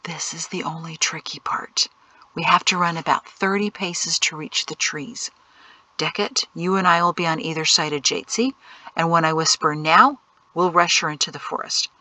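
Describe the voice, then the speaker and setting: A calm, capable man guiding a family to safety, steady and reassuring in his instructions, as a woman reads him in an audiobook. The voice is bright and sits close and dry. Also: deep voice, moderate pace, no room sound, rough recording. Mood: hushed instructions.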